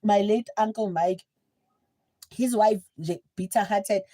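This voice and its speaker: A young woman with a South African accent, telling a story in a chatty, animated livestream style. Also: mid-range voice, slow. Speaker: livestream host. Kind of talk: casual storytelling.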